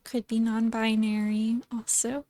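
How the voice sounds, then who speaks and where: A woman's voice: a little high, flat delivery, unhurried, mellow, no echo. A woman hosting a let's play, chatting casually about a visual novel she is reading aloud. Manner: chatty, self-aware. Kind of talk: casual game commentary.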